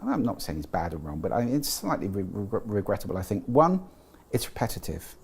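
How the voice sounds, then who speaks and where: A man's voice: fairly low pitch, big pitch swings, fairly quick, gravelly, breathy edge. A British man talking in an interview, explaining carefully, with frequent restarts and fillers. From Britain. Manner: thoughtful, explanatory, with frequent restarts and "you know". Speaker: guest, sound and speech expert. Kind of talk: interview conversation.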